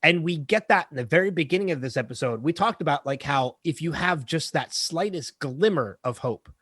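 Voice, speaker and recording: A male podcast co-host chatting casually, his voice pitched a little high and full of swooping inflection. He rambles and restarts his thoughts as he goes. The sound is close and dry, with no room around it. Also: a little fast, no room sound. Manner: animated, rambling, self-correcting. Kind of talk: casual chat.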